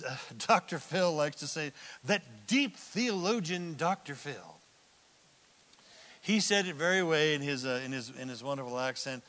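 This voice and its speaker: Pastor guy preaching slow and deliberate, kinda high voice, big echoey church hall. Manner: animated preaching, drops to a hushed mock voice for quotes. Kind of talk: sermon. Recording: long hall reverb.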